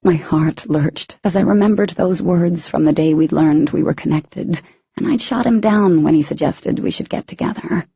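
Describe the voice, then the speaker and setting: A woman narrates a romance audiobook in the first person, her voice husky and edged with gravel. She lets the heroine's emotion show through. The recording is dull, muffled and very dry. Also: low-pitched, normal speed, dark tone.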